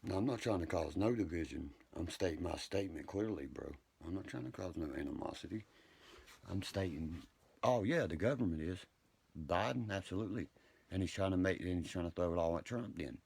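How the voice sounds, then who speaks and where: A man with a very deep, gravelly and husky voice, ranting on a livestream. He swears freely, picks fights with his viewers and rambles from one point to the next. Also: lively intonation, brisk, a little mellow, no room sound. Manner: profane, combative, rambling.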